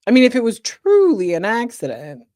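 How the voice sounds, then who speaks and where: A woman's voice: fairly high pitch, huge pitch swings, normal speed, a little mellow, no echo, studio quality. A woman co-hosting a casual podcast, chiming in with incredulous reactions. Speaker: podcast co-host. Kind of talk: casual chat.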